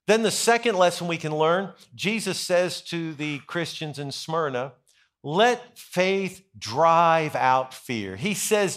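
Very animated, a middle-aged man who is a senior pastor delivers a deliberate sermon, lowering to a soft voice for stories and lifting it to stress key points.

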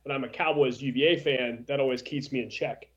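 A man's voice: mid-range voice, steady tone, brisk. A man calling into a sports talk radio show over a video call, self-deprecating with dry humor. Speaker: remote co-host on a video call. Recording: dull video call audio.

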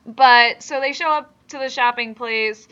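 A podcast co-host recaps episodes in casual, giggly chat full of ums. Her fairly high voice is a little slow, bright, forceful, and clean in tone, though the audio is dull.

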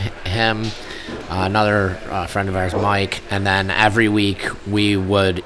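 Casual male storyteller, laughs often, jumps into loud quoted voices. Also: on the low side, little pitch movement, measured pace, a crowd in the background. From Buffalo area, US.

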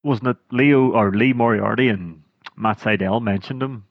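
A Scottish man co-hosts a podcast, chatting casually, laughing often and telling stories with animation. His voice is fairly low at a normal speed, and the audio is dull but free of echo.

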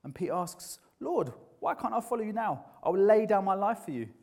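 A man's voice: high voice, sing-song, a little fast, darkish tone. A man preaching a sermon in a conversational, earnest way, often restarting his sentences.

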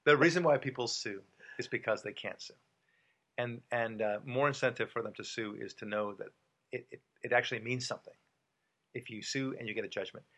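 Gravelly American male host, husky tone, emphatic and repetitive in casual talk. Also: medium pitch, a little fast, fairly bright tone. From United States. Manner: emphatic, repeats his points, many fillers. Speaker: podcast host and author.

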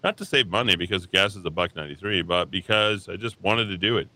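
Tired, combative low-voiced male radio host. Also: quick pace, dry recording. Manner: blunt, combative, repetitive ranting. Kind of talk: ranting political talk radio monologue. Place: radio studio. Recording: steady keyboard typing and clicks behind.

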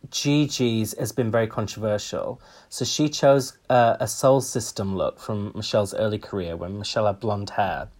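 A man co-hosting a podcast, chatting casually and opinionated, with frequent ums. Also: on the low side. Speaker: podcast co-host. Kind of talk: casual chat.

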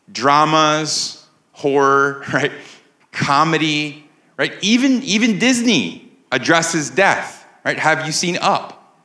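A man's voice: a little high, bright, forceful tone, echoey room. A man preaching a sermon as pastor to a live congregation, in a conversational way and often asking the room "right?". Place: church sanctuary with a live congregation.

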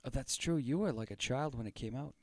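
A man's voice: mid-range voice, brisk, no echo. A man co-hosting a casual podcast, tossing out crude joking asides. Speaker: podcast co-host.

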